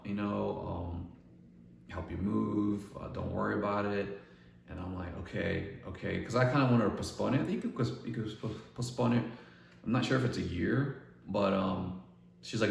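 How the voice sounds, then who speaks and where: Casual guy with a gravelly voice telling his story, a bit far from the mic, echoey room with faint background hum. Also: on the low side, normal speed. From Northern California. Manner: rambling, restarts, quotes others in dialogue. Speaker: artist vlogger.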